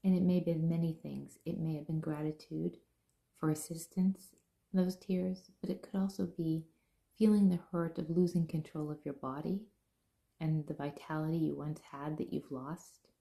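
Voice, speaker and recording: Low, gravelly-voiced woman sharing gently. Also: little pitch movement. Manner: gentle, earnest storytelling with soft pauses. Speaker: spiritual teacher. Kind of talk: heartfelt spoken reflection.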